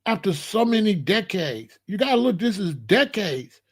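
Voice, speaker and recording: A man's voice: high voice, big pitch swings. A man in his sixties hosting his own show, talking in a casual, emphatic monologue and drawing out his phrases. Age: 60s. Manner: emphatic, repetitive, drawn-out phrasing. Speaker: show host.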